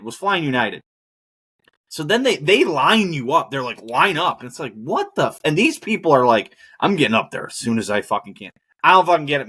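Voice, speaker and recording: A man's voice: a little high, fairly bright tone. A man hosting a podcast, ranting casually and profanely about air travel and movies. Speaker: podcast host. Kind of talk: casual monologue.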